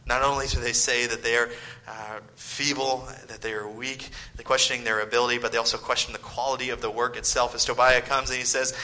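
A man preaching a sermon as pastor, swinging from loud emphasis to hushed whispered lines and firing off mocking rhetorical questions. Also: medium pitch, little pitch movement, brisk, hardly any pauses, low-quality recording.

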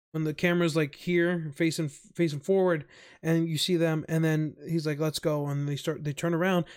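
A young man in a casual, rambling recap of a video game, excited, swearing and saying "like" constantly. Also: a little high. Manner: excited, rambling, heavy use of "like", swears often.

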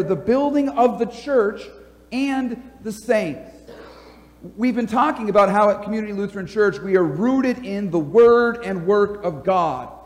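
A man's voice: high voice, darkish tone, big-room sound. A man preaching a sermon as pastor, talking conversationally with small fillers and restarts. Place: church sanctuary.

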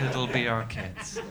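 A man in his thirties with an Irish accent, doing a stand-up comedy set in a dry, self-deprecating way with bursts of loud ranting. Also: medium pitch. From Ireland. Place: comedy club stage. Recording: noisy live club recording.

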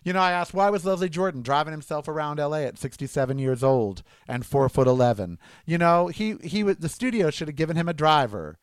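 A man's voice: a little high, animated, fairly quick, hardly any pauses, smooth, no room sound. A man hosting a talk show, delivering a rambling political monologue that slides between sarcastic rants and personal stories. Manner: ranting, sarcastic, digressive. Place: Desert Breeze area, Southern California.

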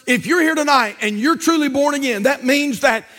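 High-voiced fervent man preaching. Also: moderate pace. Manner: fervent, bursts into shouted emphasis, repeats phrases. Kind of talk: sermon. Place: church service.

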